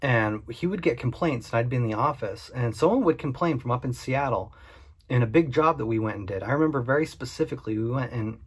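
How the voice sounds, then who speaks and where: A man's voice: medium pitch, quick pace, slightly rough. A man who runs a cleaning business, casually and candidly telling a story about his past work to the camera. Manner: conversational and candid, with frequent fillers.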